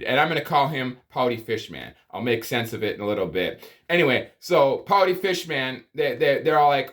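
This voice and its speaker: Ranting through a profane, comedic movie review, this man sounds exasperated, swearing, sighing, and groaning in disbelief. His voice is medium-pitched, expressive, and fairly bright, at a moderate pace.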